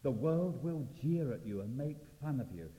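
A male preacher giving an evangelistic sermon, swinging from loud exclamations to hushed, intimate appeals. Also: mid-range voice, animated, normal speed. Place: church or meeting hall. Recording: reverberant, dull lo-fi hall recording.

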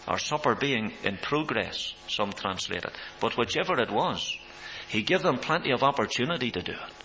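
Preaching a sermon, a man swells in pitch and loudness to drive his points home. The recording is dull and has a mains hum.

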